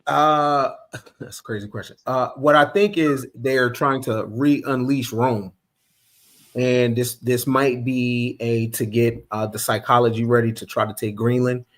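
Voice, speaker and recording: A man's voice: medium pitch, steady tone, a little slow. A man on a panel debate who rambles and thinks aloud while making his point. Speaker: panel guest.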